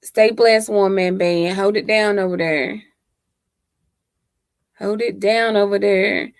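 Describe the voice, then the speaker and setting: A woman hosts a casual livestream from home and talks straight into her laptop microphone. Her voice has a gravelly fry and an easy, unhurried pace, and the sound is close and dry. She chats, teases and laughs a lot with her viewers. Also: medium pitch, fairly even intonation, dry recording. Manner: laughs often, chatty and teasing. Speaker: livestream host. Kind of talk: casual live chat with viewers.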